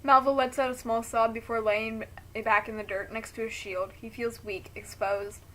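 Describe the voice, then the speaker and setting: A woman's voice: fairly high pitch, little pitch movement, moderate pace, a little hiss or hum. A woman reading a friend's story aloud, breaking off to react emotionally.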